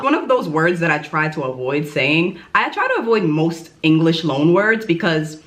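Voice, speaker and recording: A woman's voice: on the low side, animated, a bit bright. Chatty young woman vlogging. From New York. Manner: chatty, self-deprecating, quick. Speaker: YouTuber teaching German. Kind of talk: casual vlog explainer.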